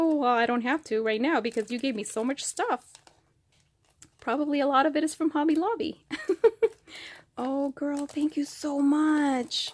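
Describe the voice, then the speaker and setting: Woman craft vlogger, slow and gushing, higher voice, soft paper rustle. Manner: gushing, gasps and exclaims often. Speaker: craft vlogger opening happy mail. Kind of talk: excited unboxing chat. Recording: faint crinkling paper noise.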